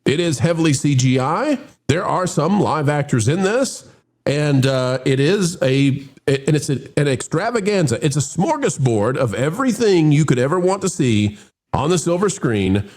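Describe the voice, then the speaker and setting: A man's voice: a little high, very animated, moderate pace, a little mellow. A man hosting a casual movie review chat, opening with showman-style greetings and rambling with restarts. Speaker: host.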